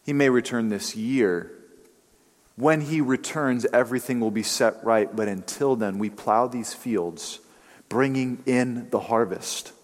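A man's voice: mid-range voice, unhurried, long reverb tail. A male pastor giving a sermon in a conversational, storytelling way, with casual fillers.

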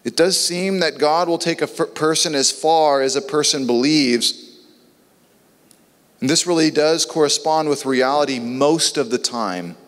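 A man's voice: on the high side, unhurried. A man preaching a sermon in an earnest way, sometimes acting out biblical dialogue in voices. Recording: long reverb.

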